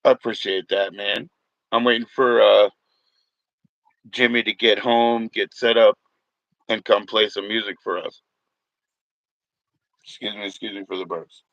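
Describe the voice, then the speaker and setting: A man's voice: on the low side, steady tone, unhurried, long pauses, fairly bright tone, dry recording, lo-fi sound. A man hosting a casual livestream from home, rambling, swearing and mocking trolls in chat. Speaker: livestream host.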